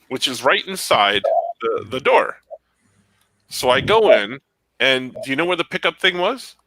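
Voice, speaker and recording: A man's voice: mid-range voice, sing-song, unhurried, long pauses, bright, forceful tone, slight background noise, poor audio. A man telling a long story in casual chat, acting out both sides of the conversation.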